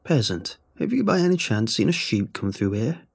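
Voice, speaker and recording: A man voicing a cruel old hag woman who creaks and rasps, mock-gentle and cackling. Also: fairly low pitch, big pitch swings, normal speed, exaggerated voice. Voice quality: creaking, rasping.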